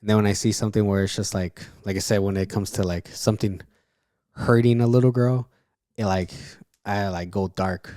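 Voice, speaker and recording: A man's voice: lowish voice, steady tone, normal speed, mellow, no room sound, clean studio sound. A man co-hosting a casual podcast, chatting loosely with lots of fillers and swearing. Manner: loose and profane, with frequent fillers and restarts. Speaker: podcast co-host. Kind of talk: casual chat.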